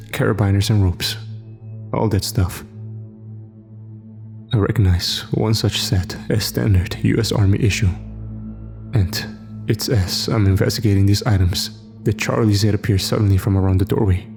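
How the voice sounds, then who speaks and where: A man tells a scripted horror story in a measured, first-person way. His voice is low, and faint music plays underneath him. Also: steady tone, vocal fry, darkish tone. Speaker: narrator.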